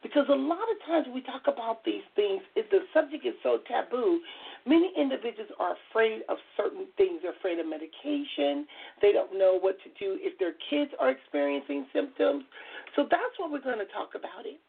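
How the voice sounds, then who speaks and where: A middle-aged woman with a hoarse, raspy, gravelly voice, pitched a bit high, hosts a call-in talk radio show. She talks in a chatty, earnest way and tries to keep it soft. Her voice comes through a thin, tinny phone line. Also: lively intonation, brisk.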